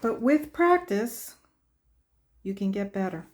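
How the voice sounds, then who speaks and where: Woman, art lesson host, slow, mellow, chatty, talks to herself. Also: medium pitch, big pitch swings. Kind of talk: painting demonstration.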